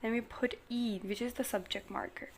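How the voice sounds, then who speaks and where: A woman's voice: fairly high pitch, fairly even intonation, moderate pace, slight background noise. A woman giving a casual online grammar lesson at home, explaining patiently with lots of "like" and "basically" and repeating her example phrases. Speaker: language teacher.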